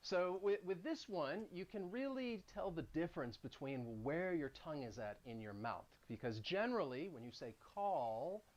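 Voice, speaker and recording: A woman English pronunciation teacher who explains slowly and deliberately and demonstrates each sound aloud. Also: deep voice, lively intonation, darkish tone. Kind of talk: explanatory lesson.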